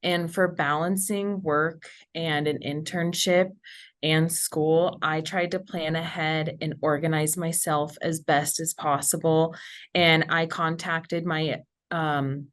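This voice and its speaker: Low-voiced young woman panelist. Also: flat delivery, slow. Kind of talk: casual panel talk.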